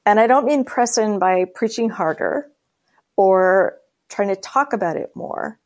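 A woman speaking as a guest, telling a long story with lively voiced quotes and light laughter. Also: mid-range voice, unhurried. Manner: animated, acts out quoted voices. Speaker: guest speaker, church leader. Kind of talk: storytelling conversation.

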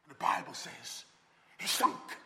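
A man preaching a sermon with dramatic swings between loud calls and soft, low lines. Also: a little slow. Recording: long hall reverb.

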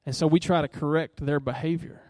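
A man's voice: on the high side, steady tone, a little fast, darkish tone, no echo, studio quality. Earnest, conversational male preacher. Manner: conversational, earnest, asks the listeners direct questions. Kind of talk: sermon.

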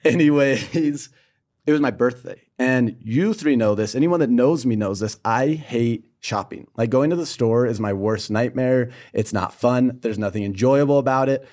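A young man from Pennsylvania, co-hosting a casual faith podcast and telling a childhood story with lively storytelling. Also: medium pitch, moderate pace. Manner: storytelling, animated. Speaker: podcast co-host.

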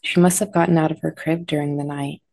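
Woman reading as a calm male neighbor. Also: sits low, quick pace, creaky.

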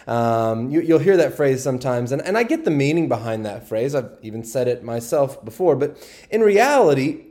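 A man's voice: mid-range voice, big pitch swings, moderate pace. A man with a Southern US accent, leading a midweek Bible study in an earnest, folksy sermon style. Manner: folksy, earnest, with gentle restarts. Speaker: pastor.

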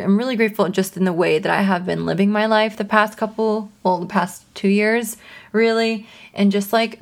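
A bubbly young woman in her twenties, talking to her listeners in a relaxed solo podcast. Her voice sits at an ordinary middle pitch, and she speaks earnestly, breaking into light laughter often. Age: 20s. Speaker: podcast host. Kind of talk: casual solo podcast talk.

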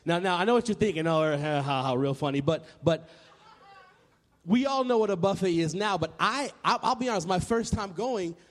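Brief: a man, thirties, from Tennessee, lively storyteller to a crowd, high voice, long reverb. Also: moderate pace. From Nashville, Tennessee, US. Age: 30s. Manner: animated, repeats words, acts out remembered voices. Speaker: public speaker. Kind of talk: storytelling speech to a live audience.

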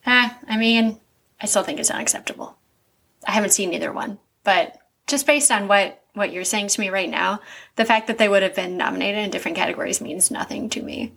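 A woman co-hosts a relaxed podcast conversation. She reacts bluntly, punching up her points with dry jokes. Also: medium pitch, a little fast, creaky, a little hiss or hum. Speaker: podcast co-host. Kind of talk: casual podcast chat.

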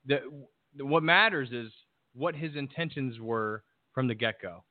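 A man's voice: medium pitch, unhurried, dry recording. A man talking bluntly and emphatically in a casual discussion, swearing freely. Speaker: podcast guest. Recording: tinny phone-like call audio, dry.

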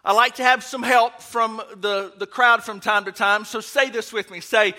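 A middle-aged man from Louisiana, preaching a folksy, joking sermon in a church that swings into loud preaching. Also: high voice, steady tone, normal speed. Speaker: guest preacher. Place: church sanctuary.

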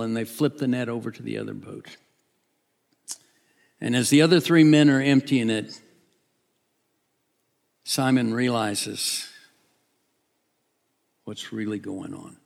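A man's voice: mid-range voice, creaky. A man preaching a sermon, retelling a Bible story dramatically, acting out the characters and sometimes dropping to a whisper.

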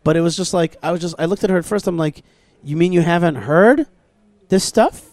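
A man hosting a talk show, telling stories in a casual, animated way with many restarts and quoted dialogue. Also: on the high side, a little fast, no echo. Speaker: podcast host. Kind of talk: casual storytelling conversation. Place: outdoors at a plaza.

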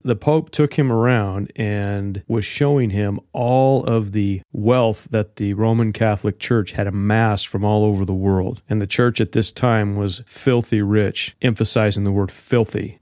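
A man with a lowish voice teaching through a Bible chapter verse by verse. He talks in a relaxed, conversational way and drops in casual slang. The sound is dry and close. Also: normal speed, hardly any pauses, dry recording.

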